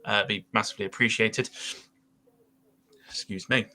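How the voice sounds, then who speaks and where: A man's voice: fairly low pitch, fairly even intonation, moderate pace, bright, forceful tone. A man hosting a casual podcast chat, rambling a little with fillers as he goes. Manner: rambling, with frequent fillers and laughs. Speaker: podcast host.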